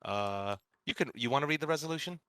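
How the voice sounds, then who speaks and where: A man playing a card game with a friend, excitable and laughing often as he narrates and reacts. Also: mid-range voice, quick pace, clean tone, no room sound. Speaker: player. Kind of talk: casual game play chat.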